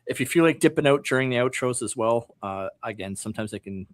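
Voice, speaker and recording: A man from Canada, hosting a podcast and signing off the show in a chatty way, with lots of filler pauses. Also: medium pitch, dry recording. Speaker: podcast host. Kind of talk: casual show sign-off.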